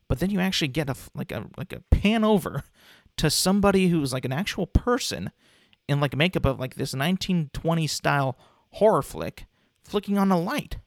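Gravelly young man rambling casually. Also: on the high side, no room sound, studio quality. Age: 20s. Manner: rambling, frequent restarts and filler words. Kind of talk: casual commentary on a cartoon ranking.

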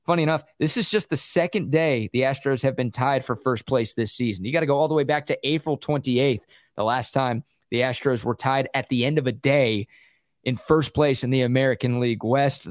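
A man co-hosting a sports talk radio show, breaking down the standings with energy and quick stats in a studio. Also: mid-range voice, dry recording. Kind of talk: casual sports talk and analysis.

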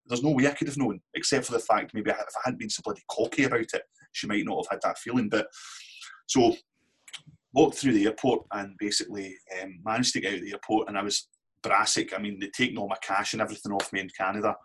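Brief: Scottish man, low husky voice, candid anecdotal guest. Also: fairly even intonation, fast, a bit bright. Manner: candid anecdotal storyteller, swears casually. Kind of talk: casual storytelling interview.

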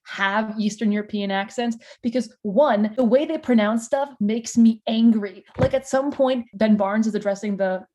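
A woman's voice: fairly high pitch, normal speed, hardly any pauses, dark tone. A woman in casual fan discussion, explaining lore and ranting with mock indignation.

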